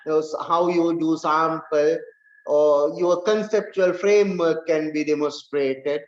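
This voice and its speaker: A male lecturer, unhurried and emphatic, repeating key points to the class. His slightly high voice rings in an echoey classroom, and the recording sounds dull and lo-fi. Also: steady tone.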